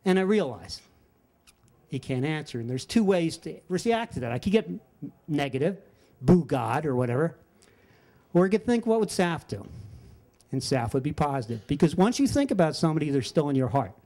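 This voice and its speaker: A man's voice: on the high side, normal speed. An older man telling a personal story live at a story slam, animating the quoted voices of people around him. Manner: animated, acts out quoted friends with voice shifts.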